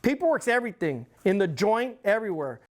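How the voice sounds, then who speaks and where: A man's voice: high-pitched, big pitch swings, a little fast. A middle-aged man, an interview guest telling a heated, profane story in blunt, casual talk. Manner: blunt, heated, swears constantly. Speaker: interview guest, former club president.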